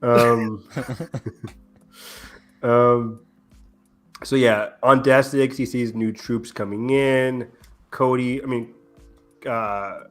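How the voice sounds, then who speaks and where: A man co-hosting a casual podcast, recapping an episode in quick, excited bursts with lots of ums. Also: mid-range voice, faint music behind. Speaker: podcast co-host. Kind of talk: casual chat.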